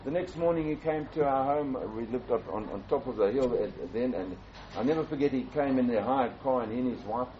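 An older man earnestly tells a personal story as a pastor, repeating and restarting phrases and rising in pitch for emphasis. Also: brisk. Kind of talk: storytelling testimony. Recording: dull, slightly muffled with faint background hiss.

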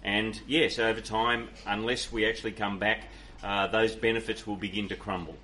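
A man's voice: fairly low pitch, little pitch movement, normal speed, pushed and bright, slight background noise. A man from Ireland preaching a sermon and answering audience questions in an earnest, conversational way, with many fillers and restarts. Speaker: pastor.

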